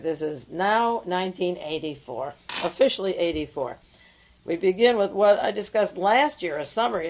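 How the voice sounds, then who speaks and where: Middle-aged lady doing a radio commentary off old tape, earnest and measured, reads from notes. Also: lowish voice, a little mellow, rough recording. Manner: earnest, measured, reading aloud with pauses. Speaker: radio broadcaster. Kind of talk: conspiracy news commentary read from notes. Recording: old home tape recording.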